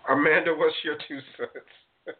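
A man's voice: a little high, fairly even intonation, measured pace, a loud crowd. A man hosting a casual panel talk, laughing often and prompting his co-hosts with questions. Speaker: host. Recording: phone-like lo-fi audio.

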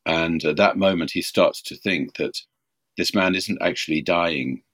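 A man, an author being interviewed on a podcast, recalling a story in a reflective, measured way. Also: deep voice, a bit bright, no echo.

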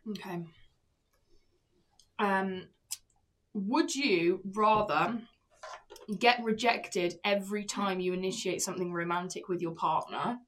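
A woman, co-hosting a casual podcast and telling animated, excitable stories. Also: slow, long pauses. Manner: animated, excitable storyteller who swings loud and high. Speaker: podcast co-host. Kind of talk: casual chat, storytelling.

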